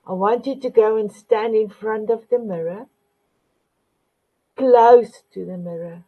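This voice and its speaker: A woman's voice: medium pitch, steady tone, unhurried. A woman hosting a motivational talk show, who keeps calling her viewers her beautiful ones. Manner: warm, affectionate address, repeats "my beautiful ones". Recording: dull lo-fi sound.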